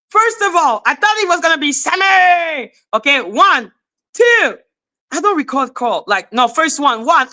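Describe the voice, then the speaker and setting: A woman hosting a livestream, telling a story in a casual, animated, profane way, often laughing and breaking into shouts. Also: sits high. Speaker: host.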